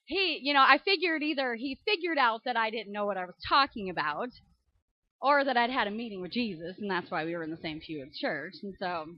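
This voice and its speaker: A woman from Indiana in her thirties, telling a comic story with animated delivery, laughing often and squealing high when surprised. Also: a little fast, muffled recording. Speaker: comedian. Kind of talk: comedic storytelling to a church audience.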